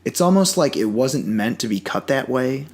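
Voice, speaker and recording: A man co-hosting a casual podcast, chatting about shows in an easygoing way. He often restarts his sentences and drifts into eager asides, pitched at a middle height for a man. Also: lively intonation, moderate pace, a little mellow. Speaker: podcast co-host. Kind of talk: casual chat.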